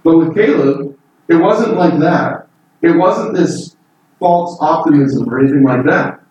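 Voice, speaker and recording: A man's voice: on the high side, unhurried, a little mellow, lo-fi sound. A man preaching a Bible sermon in an earnest, emphatic way, voice lifting on key points. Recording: echoey room from far off with faint noise.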